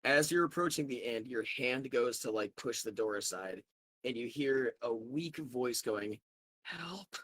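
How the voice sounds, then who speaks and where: A man's voice: medium pitch, measured pace, a bit bright, no echo. A man narrating as game master of a tabletop game, loose and filler-heavy.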